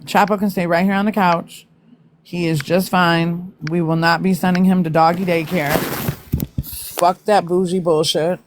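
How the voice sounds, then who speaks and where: A woman's voice: on the low side, little pitch movement, measured pace, background noise. A woman hosting a casual live stream, reacting to news with blunt, profane asides to her viewers.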